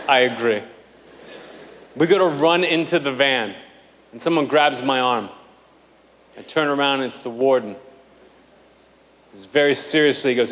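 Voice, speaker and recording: A man doing stand-up comedy on a theater stage, telling a story in a dry, deadpan way. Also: medium pitch, unhurried, pauses often. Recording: live hall reverb, faint noise.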